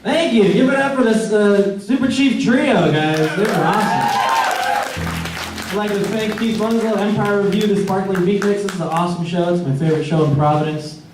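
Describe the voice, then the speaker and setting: High-voiced man doing stand-up in an echoey club. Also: normal speed, over loud music, a loud crowd. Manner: rambling, conversational, many likes and uhs. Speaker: stand-up comedian. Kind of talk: stand-up comedy set. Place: comedy club stage. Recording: echoey club, distant mic.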